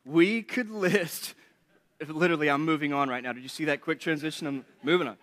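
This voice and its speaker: A man's voice: a little high, fairly even intonation, racing, a bit bright. A man preaching a sermon in a chatty, joking way, laughing often between points. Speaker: pastor. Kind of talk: conversational sermon with humor.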